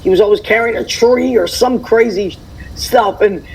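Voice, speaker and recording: A woman chatting as a radio guest, an animated storyteller who laughs often. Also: a little high, moderate pace, gravelly, a little hiss or hum, low-quality recording. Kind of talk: casual chat.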